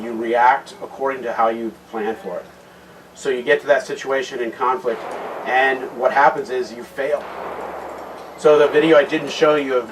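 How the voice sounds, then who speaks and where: A man giving a conversational talk at a men's retreat, retelling a Bible story with many restarted phrases and a quieter voice for serious points. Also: mid-range voice. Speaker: guest speaker at a men's retreat. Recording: distant mic with loud background noise.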